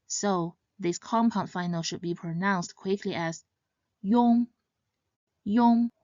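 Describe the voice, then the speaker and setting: A woman teaching Mandarin pronunciation in scripted narration, saying each example syllable louder and higher. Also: steady tone, a little slow, no echo. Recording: slightly dull, dry sound.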